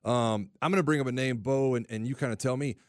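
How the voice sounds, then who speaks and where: A man's voice: medium pitch, fast talker, no room sound, studio quality. A man who used to play pro football, co-hosting a sports radio show in loose, casual talk. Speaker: sports radio co-host, former player.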